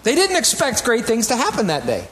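A man preaching a sermon as a pastor, animated and rising to emphatic peaks, with conversational asides to the congregation. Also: extremely high pitch, a little fast, a little hiss or hum.

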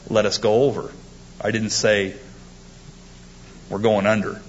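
A man's voice: fairly low pitch, level tone, a little slow, highs cut off, a little hiss or hum. A man preaching a sermon, emphatic and quoting scripture with rising force. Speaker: pastor.

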